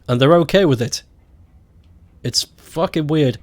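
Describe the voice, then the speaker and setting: A man's voice: on the high side, unhurried, dry recording. A man with a Scottish accent chatting casually as a game streamer, joking and laughing often. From Scotland. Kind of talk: casual chat while gaming.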